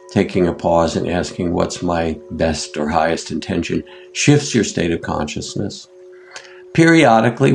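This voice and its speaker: Older american guy, meditation teacher, deep raspy-ish voice, slow gentle interview talk. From United States. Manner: gentle, unhurried, pauses with fillers. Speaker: meditation teacher, podcast guest.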